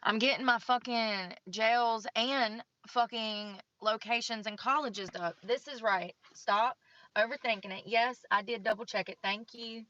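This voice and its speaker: Bright-voiced swearing woman on stream. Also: fairly high pitch, a little slow, no room sound, highs cut off. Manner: frustrated, swears a lot, talks to herself. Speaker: streamer filling out a form on stream. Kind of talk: casual rambling stream talk.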